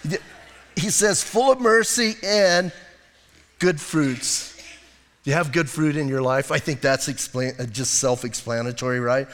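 A man's voice: on the high side, a bit bright, in a large hall. A middle-aged man preaching a conversational sermon, joking and candid about his own faults. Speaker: pastor.

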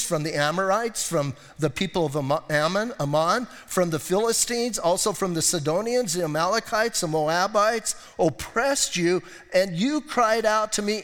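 A male pastor preaching a sermon, reading scripture aloud with animated emphasis and dropping to hushed asides. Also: sits high, big-room sound.

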